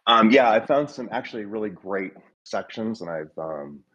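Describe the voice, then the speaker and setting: A man's voice: lowish voice, animated, moderate pace, a bit bright. A man speaking up in a casual work meeting on a video call, hesitant with many ums. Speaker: team member. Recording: dull lo-fi call audio.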